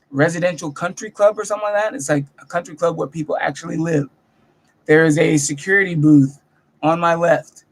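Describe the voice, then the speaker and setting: High-voiced man telling animated stories. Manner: animated, profane, self-mocking storytelling. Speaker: comedian vlogger. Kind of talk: casual storytelling vlog. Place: bedroom at home.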